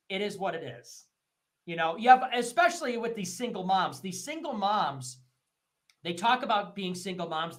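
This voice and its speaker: A man hosting a livestream, ranting in heated, profane commentary and repeating his points. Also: fairly bright tone. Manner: mocks others in shrill put-on voices. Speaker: livestream host.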